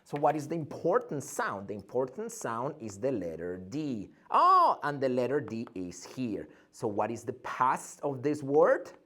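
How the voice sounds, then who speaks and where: Animated teacher guy running a pronunciation drill, voice all over the place, asks then answers himself. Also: mid-range voice, a little slow, few pauses. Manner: animated, repeats sounds and words for drill. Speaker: English teacher. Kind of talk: online pronunciation lesson.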